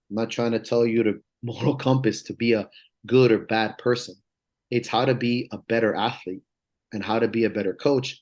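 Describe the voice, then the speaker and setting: A man's voice: lowish voice, darkish tone. A man talking as a strength coach on a podcast, in a casual, earnest way. He is emphatic and rambling, and he swears freely as he makes his points.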